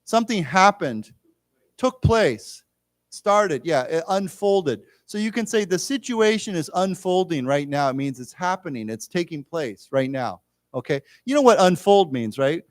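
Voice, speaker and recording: Working through English vocabulary in a library lecture room, this teacher explains each word patiently and has the class echo it back. His voice runs a little high for a man, with lively intonation and a slightly slow pace. The sound is close and dry, without echo.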